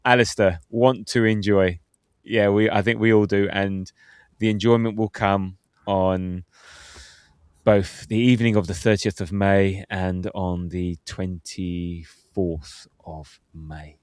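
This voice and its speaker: A man, hosting a casual football podcast, chatty and quick to laugh as he reads out listener comments. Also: sits low, fairly even intonation, a little mellow, smooth, dry recording, studio quality. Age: 50s. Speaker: podcast host.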